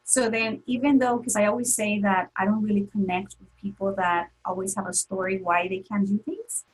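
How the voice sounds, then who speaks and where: A woman's voice: mid-range voice, little pitch movement, normal speed, husky, low-quality recording. A woman telling an emotional personal story as an interview guest, earnest, with many fillers and restarts.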